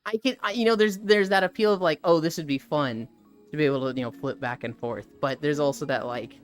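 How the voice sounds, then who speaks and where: A woman's voice: low voice, brisk, faint music behind. A woman hosting a live stream, chatting casually with a guest, swearing freely and greeting chat viewers as she goes. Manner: animated, swears freely, reads chat aloud. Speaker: streamer host.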